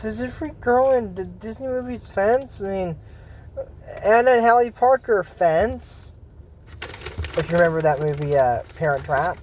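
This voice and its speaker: A man's voice: sits high, lively intonation, moderate pace, a little mellow. Rambling man recapping a cartoon. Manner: rambling, sarcastic, acts out lines. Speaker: video host. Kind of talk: casual episode recap with commentary.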